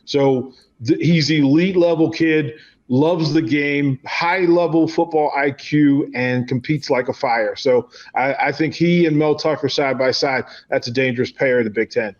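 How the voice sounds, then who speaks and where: A man's voice: fairly high pitch, a little slow, dull audio. A man guesting on a sports podcast, enthusiastic and sincere as he praises a player. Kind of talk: casual panel chat.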